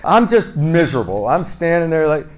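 A man's voice: fairly high pitch, moderate pace. A man guesting on a podcast, telling stories casually and playfully. He pokes fun at himself and acts out both sides of the conversations he describes. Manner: lively, re-enacts dialogue with "I go, he goes"; self-deprecating and playful. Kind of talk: casual anecdotal storytelling.

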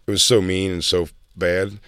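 Rambling man with a low voice. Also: level tone, moderate pace, clear, resonant tone, no room sound, clean studio sound. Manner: rambling storyteller, acts out quotes. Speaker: co-host. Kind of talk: casual comedic chat. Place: radio studio.

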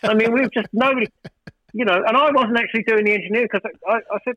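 A fairly high-voiced man reminisces in a casual interview, full of fillers and false starts. The sound is dry and close, a little dull and muffled. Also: quick pace, dry recording. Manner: rambling, hesitant, many fillers and restarts; grows animated and emphatic telling a story. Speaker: record producer, guest.

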